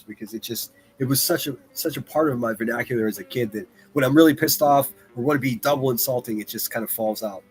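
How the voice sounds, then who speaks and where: A man hosting a livestream, reacting to clips with profane mockery, jumping from loud outbursts to muttered asides. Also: medium pitch. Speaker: livestream commentator.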